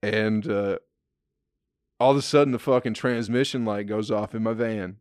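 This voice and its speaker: A man's voice: on the low side, fairly even intonation, normal speed, a little mellow, no echo, studio quality. A young man casually telling a story, laid-back, swearing freely and laughing often.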